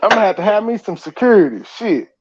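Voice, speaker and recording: A man hosting a casual livestream, ranting in animated, profane bursts and laughing at himself. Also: high voice, fast talker, dull audio, noisy background. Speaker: host.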